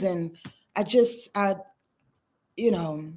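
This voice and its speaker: A woman's voice: medium pitch, unhurried, a little mellow. A woman, hosting a casual astrology livestream in a loose, chatty way and talking straight to her viewers. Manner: loose, chatty, swears, addresses viewers as y'all. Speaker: astrologer hosting a live stream.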